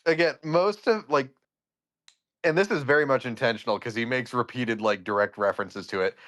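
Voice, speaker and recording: A man chatting casually on a live stream, telling stories in a relaxed way, swearing and laughing between bits. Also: medium pitch, a little fast.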